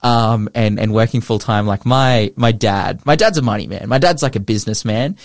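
A man's voice: on the low side, moderate pace, no room sound, clean studio sound. A young man, a pastor, telling a heartfelt personal testimony in casual chat, speaking earnestly and emotionally with many restarts and fillers.

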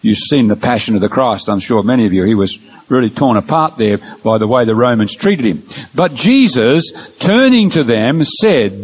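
A man giving an illustrated Bible lecture, explaining step by step through numbered points in an earnest, measured way. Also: medium pitch, expressive, breathy edge, poor audio. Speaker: Bible teacher.

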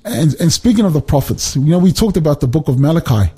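Husky-voiced man teaching scripture. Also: a little high, fast talker. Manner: animated, emphatic, restarts and repeats words while explaining. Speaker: Bible teacher. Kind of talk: conversational Bible teaching.

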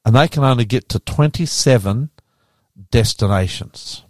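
Australian male co-host, dry teasing banter, mid-pitched voice, dead-dry studio sound. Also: darkish tone, no echo. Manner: dry teasing, reads lists out quickly. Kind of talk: casual chat.

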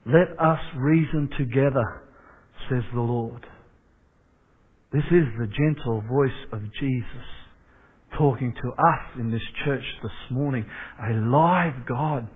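Pastor slow preaching man over a tinny radio line. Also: mid-range voice, breathy edge. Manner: preaching with repeated rhetorical questions. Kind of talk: sermon. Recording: tinny phone-like radio broadcast.

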